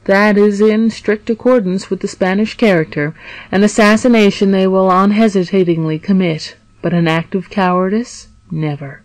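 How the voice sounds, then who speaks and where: A woman reading the part of a shrewd elderly male priest in prison, asking calm, probing questions in a measured way. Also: medium pitch, no room sound, lightly acted, rough recording. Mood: questioning.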